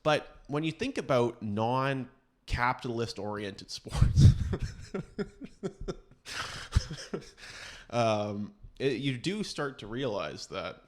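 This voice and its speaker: A man's voice: medium pitch, animated, takes it slowly, a little mellow. A man hosting a podcast, rambling through casual chat with sarcastic, mock-serious asides. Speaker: podcast host.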